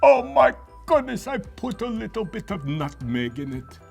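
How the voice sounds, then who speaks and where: Julio, a man doing a high gravelly puppet boy. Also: normal speed, faint music behind, exaggerated voice. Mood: proud storytelling. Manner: chatty storyteller, excitable exclamations. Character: cheerful young male puppet who loves cooking. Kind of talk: children's puppet show.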